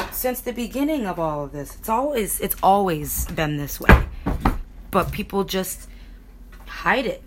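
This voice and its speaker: Over some background noise, a Connecticut vlogger with a fairly low-pitched voice rambles through a personal story. The young woman is candid and emotional, and she swears freely.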